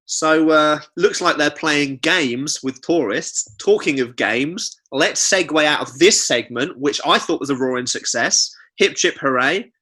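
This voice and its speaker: Bright-voiced man, jokey podcast host. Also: fairly high pitch, unhurried, few pauses. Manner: jokey, reads reviews aloud with asides. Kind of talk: casual comedic chat.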